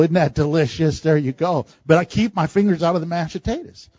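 Animated high-voiced preaching man. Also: fast talker, hardly any pauses, no room sound, dull audio. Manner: animated, acts out quotes with laughs. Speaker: pastor. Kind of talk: verse-by-verse sermon.

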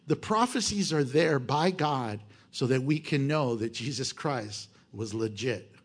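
A male pastor preaching a sermon in an animated, joking way, firing off rhetorical questions. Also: medium pitch, unhurried, slightly rough.

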